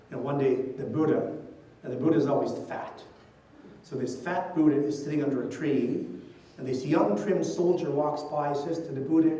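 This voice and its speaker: A man's voice: fairly high pitch, warm tone. An older man, a priest, giving a conversational talk full of stories and "you know" asides. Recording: distant mic in an echoey hall.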